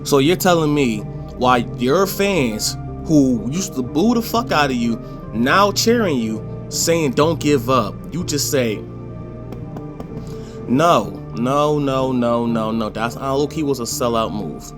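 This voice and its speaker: A man's voice: mid-range voice, animated, unhurried, over music. A man, passionately ranting in a casual opinion vlog and swearing freely. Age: 20s. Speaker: commentator.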